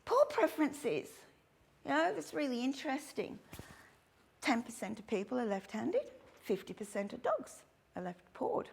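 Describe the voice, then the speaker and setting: A woman's voice: on the high side, moderate pace, creaky, a little hiss or hum. Chatty woman teaching dog trainers. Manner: chatty, animated, acts out little quotes. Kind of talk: workshop talk to instructors.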